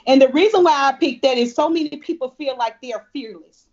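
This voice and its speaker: A woman from New Orleans with a New Orleans accent, a guest speaker giving an earnest keynote pitch over a video call. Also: a little fast, darkish tone. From New Orleans, Louisiana. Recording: dull lo-fi video call audio.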